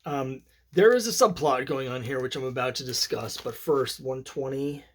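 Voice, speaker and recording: A man's voice: mid-range voice, normal speed. A man casually talking through his comic collection, rambling and opinionated, with many fillers and restarts. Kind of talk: casual solo commentary.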